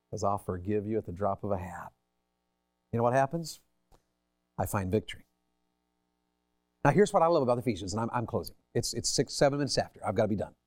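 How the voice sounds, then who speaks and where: A man's voice: on the low side, lively intonation, brisk, long pauses, darkish tone, dry recording, clean studio sound. A man preaching a sermon, telling folksy stories and asking the congregation rhetorical questions.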